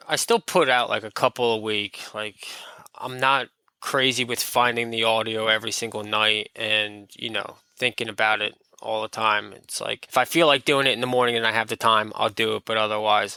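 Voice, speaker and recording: A man's voice: fairly low pitch, sharp tone, smooth, no echo. A man being interviewed on a podcast, talking in a laid-back, rambling way with lots of fillers. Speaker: podcast guest. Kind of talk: casual interview chat.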